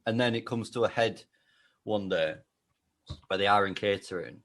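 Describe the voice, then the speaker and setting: Man, low-pitched, casual, rambling, chatty. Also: moderate pace, fairly bright tone. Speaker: podcast co-host. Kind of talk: casual comedic chat.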